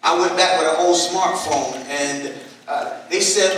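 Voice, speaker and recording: Higher-voiced man preaching in an echoey hall. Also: moderate pace, fairly bright tone, a little hiss or hum. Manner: conversational, humorous preaching with asides. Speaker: pastor. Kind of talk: sermon. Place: church sanctuary. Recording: echoey church hall from a distance.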